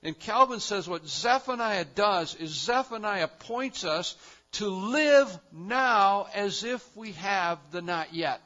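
A man preaching a sermon, building to loud emphatic repetitions and then dropping to quiet, low stretches. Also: animated, takes it slowly, dull audio. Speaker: pastor.

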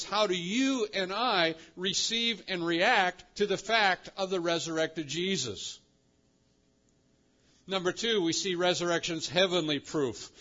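Preacher, male, slightly high-pitched, dramatic delivery, dull lo-fi recording. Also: sharp tone. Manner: dramatic preaching, slows and rises for emphasis. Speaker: pastor. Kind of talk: sermon.

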